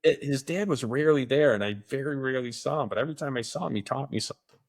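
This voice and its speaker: Here the middle-aged co-host talks fast in a mid-range voice. His casual podcast chat is full of meandering anecdotes, and he mimics each person he quotes.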